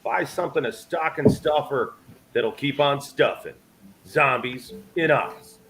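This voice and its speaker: A man on a fundraiser stream, pitching items to viewers in a pushy, salesman-like way. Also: unhurried. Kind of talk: casual chat. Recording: noisy stream audio.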